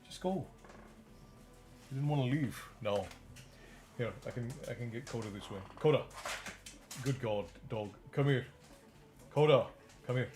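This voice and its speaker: A young man with a medium-pitched, darkish voice streams himself reading a novel aloud in audiobook style. Between passages he chats casually and teases his pets.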